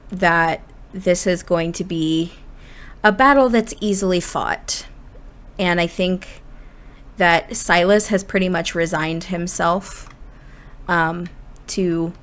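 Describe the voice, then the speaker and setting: A woman's voice: fairly low pitch, fairly bright tone. A woman narrating her life-simulation game in a casual, chatty way, often restarting her sentences. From Indiana. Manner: chatty, many restarts and "you know" fillers. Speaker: Sims gameplay narrator. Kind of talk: casual gameplay storytelling.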